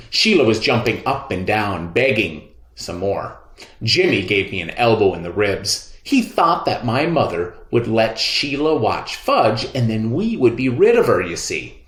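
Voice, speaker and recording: A man reading a children's book aloud in an expressive, lively storytelling manner. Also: mid-range voice, a little slow. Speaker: reader. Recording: roomy echo.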